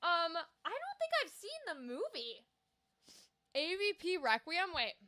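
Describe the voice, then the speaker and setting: A woman talking to her stream viewers in an animated, casual way, swearing freely and bursting into exclamations. Her voice sits high and bright. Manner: animated, profane, quick to exclaim. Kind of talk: casual livestream chat.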